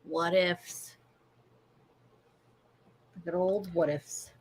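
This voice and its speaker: A woman co-hosting a talk show, cutting in with quick jokes from away from the mic. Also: lowish voice, steady tone, slight background noise, low-quality recording. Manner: jokey interjections. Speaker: co-host.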